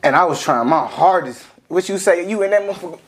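A man's voice: high-pitched, lively intonation, fast, over a noisy crowd. A young man telling stories in a laid-back casual chat with friends.

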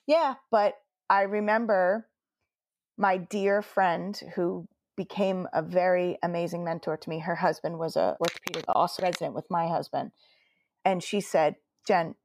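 A woman's voice: on the low side, steady tone, normal speed, darkish tone, no echo, studio quality. A woman, a nurse telling her story earnestly in an interview, quoting her own words along the way. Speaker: guest nurse.

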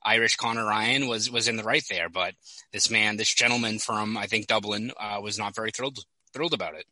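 Bright, quick-talking young man on a podcast. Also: fairly low pitch, steady tone, dry recording, low-quality recording. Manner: chatty storyteller, quick asides. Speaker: hockey reporter. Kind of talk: casual podcast chat.

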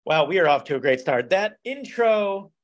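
A man's voice: fairly high pitch, quick pace. A man co-hosting a podcast in casual chat, rambling, repeating himself and laughing often. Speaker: podcast co-host.

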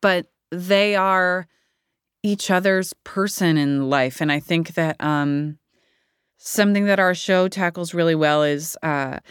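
Woman, 30s, actor guest, candid, rambling, low voice, dry close sound. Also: takes it slowly, clear, resonant tone, no echo. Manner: candid, rambling, laughs often. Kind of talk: casual interview chat.

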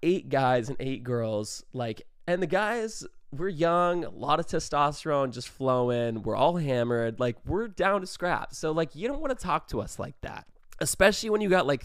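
A man's voice: medium pitch, animated, moderate pace, clear, resonant tone, no room sound, clean studio sound. A man telling a wild party story in a casual vlog, rambling, swearing and filling with "like". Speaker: vlogger.

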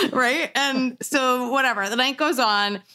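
A woman's voice: high voice, slow pace. A young woman telling a story casually, laughing often and acting out what people said. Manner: animated, laughs often, acts out quotes. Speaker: storyteller guest.

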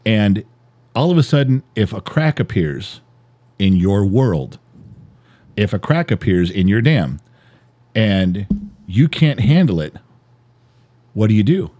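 Middle-aged dad co-host, deep warm voice, swings widely in pitch, pressing his point hard. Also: sing-song, slow, pauses often. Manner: emphatic, repetitive, swears, builds an extended metaphor. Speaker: podcast co-host, father. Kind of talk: heated personal monologue.

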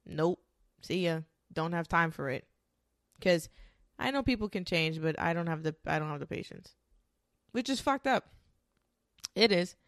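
A woman's voice: low-pitched, moderate pace, dry recording, clean studio sound. A woman hosting a podcast, talking in a blunt, emphatic, swear-heavy monologue. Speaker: podcast host. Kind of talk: casual monologue.

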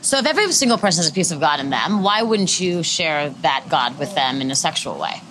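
A woman's voice: low-pitched, animated, a little fast, fairly bright tone, rough recording. A woman hosting a comedic street interview, brash, provocative and joking.

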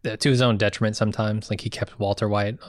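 A man co-hosting a podcast in casual chat, animated and excitable, swearing now and then. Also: on the low side, fast talker, dry recording, studio quality. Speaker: podcast co-host.

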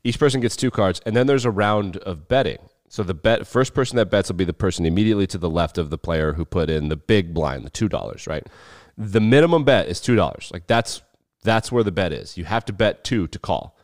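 A man's voice: deep voice, lively intonation, brisk, no room sound, clean studio sound. A man co-hosting a podcast, casually explaining things step by step and swearing freely. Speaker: podcast co-host.

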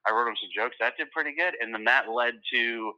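A middle-aged man, a stand-up comedian, telling a story in loose, animated casual conversation, often repeating words as he gets excited. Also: medium pitch, brisk, lo-fi sound.

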